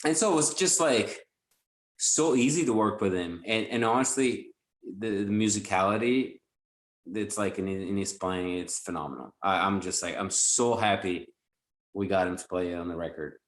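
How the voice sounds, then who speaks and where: A man's voice: on the low side, normal speed, roomy sound, rough recording. A male guitarist guest chatting casually and enthusiastically in an interview, rambling with lots of fillers.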